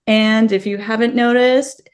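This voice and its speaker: A woman from the United States hosting a casual podcast interview over a video call, bubbly and quick to laugh. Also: a little high, fairly even intonation. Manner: bubbly and enthusiastic, laughs often. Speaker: podcast host.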